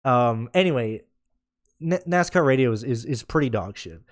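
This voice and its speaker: A man's voice: mid-range voice, lively intonation, moderate pace, dry recording, clean studio sound. A man ranting in a casual podcast, blunt and sarcastic, swearing freely and rambling with restarts. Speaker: podcast host. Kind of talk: casual rant.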